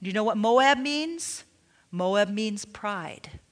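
A woman's voice: medium pitch, expressive, slow pace. A woman pastor preaching a sermon, emphatic, with frequent restarts and "you know"s. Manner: drops to a hushed near-whisper when retelling a tender story.

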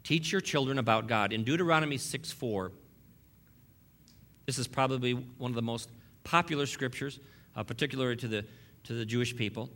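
A man's voice: mid-range voice, fairly quick, pauses often, a bit bright. A man preaching a sermon as pastor, emphatic and fond of repeating key lines, with wry asides to the congregation.

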